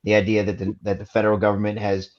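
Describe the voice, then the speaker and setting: Guy co-hosting a podcast, low voice, lots of uh and um, kinda muffled lo-fi sound. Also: monotone, fast. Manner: laid-back, hesitant with many fillers. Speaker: co-host. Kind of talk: casual podcast chat. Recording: dull lo-fi sound.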